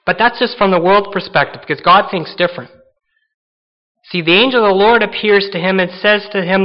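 An earnest preacher, a man with a high voice, delivers his sermon and slips into acted-out voices for the stories he tells. The recording is a little dull and lo-fi. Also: a little fast. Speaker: pastor.

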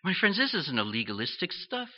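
A man preaching a sermon in an earnest, questioning way, pausing between phrases. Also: fairly high pitch, wildly swooping pitch. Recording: dull lo-fi sound.

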